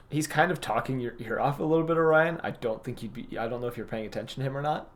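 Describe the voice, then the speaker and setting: A man's voice: mid-range voice, slight background noise. Man running a tabletop game. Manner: relaxed, rambling narration with fillers. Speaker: game master.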